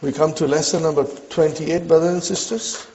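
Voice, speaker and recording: A man teaching an Arabic grammar lesson to a class, slow and repetitive, often checking whether his listeners follow. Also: fairly high pitch, fairly even intonation, mellow, slight background noise. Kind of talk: classroom lecture. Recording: dull lo-fi recording.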